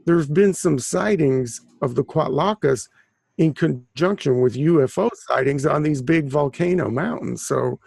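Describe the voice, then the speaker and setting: A man with a gravelly, fry-tinged voice tells stories in a loose, rambling way, often restarting his sentences. He sounds like a relaxed interview guest. The recording is dry and close, with no room sound. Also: a little high, measured pace, dry recording. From Southern California. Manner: rambling, chatty storyteller with frequent restarts. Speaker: author and guest. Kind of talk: casual conversational interview.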